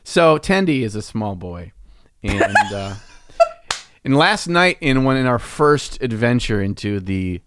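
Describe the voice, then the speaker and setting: A man's voice: medium pitch, big pitch swings, slow, heavy background noise. A man co-hosting a podcast, chatting casually in a playful, teasing way and laughing often. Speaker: podcast co-host.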